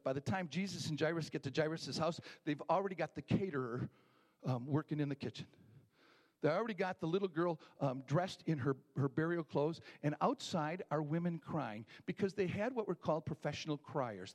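A middle-aged man preaching a sermon, telling a story with animated acted voices and hushed moments. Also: on the high side, brisk. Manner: animated storytelling, acting out voices, dropping to near whispers. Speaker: pastor.

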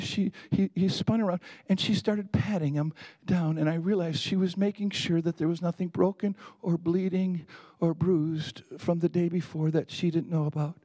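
A man's voice: high voice, dark tone, no room sound. A male pastor preaching a sermon in a conversational storytelling way, building up to emphatic peaks.

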